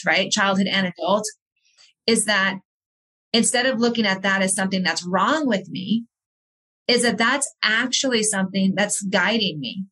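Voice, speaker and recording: A woman's voice: medium pitch, sharp tone, husky, rough recording. A woman talking as a podcast guest, an author and coach, speaking earnestly and reflectively with frequent restarts. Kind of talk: candid personal conversation.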